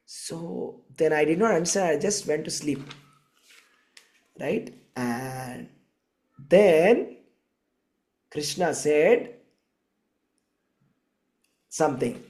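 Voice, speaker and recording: A man's voice: a little high, takes it slowly, long pauses, a little mellow. A man giving a storytelling sermon in a conversational way, often checking in with his listeners. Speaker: spiritual teacher.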